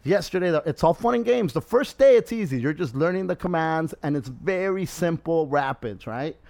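A man's voice: fairly high pitch, moderate pace, no room sound, studio quality. A man hosting a podcast, telling a story in casual chat, swearing constantly and acting out what people said. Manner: profane, animated storyteller, acts out quotes. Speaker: podcast host.

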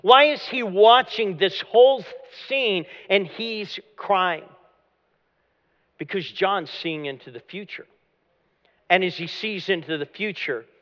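A man preaching a dramatic sermon as pastor, often dropping to a low hush at the end of a phrase. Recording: long hall reverb, dull lo-fi sound.

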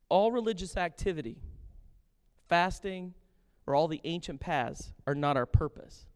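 A pastor preaching a sermon with passion and jokes, animated and lively in his delivery. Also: high voice, clean tone. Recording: long reverb of a hall.

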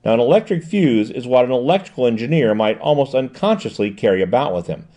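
A man reading the lines of a sharp, composed woman detective in an audiobook, explaining in a precise, measured way. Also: mid-range voice, expressive, close to an everyday voice.

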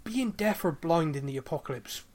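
Man, podcast co-host, casual chat, fillers, voice a bit high. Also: animated, normal speed, darkish tone. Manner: chatty, lots of ums, acts out quoted lines. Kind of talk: casual chat reviewing a TV episode.

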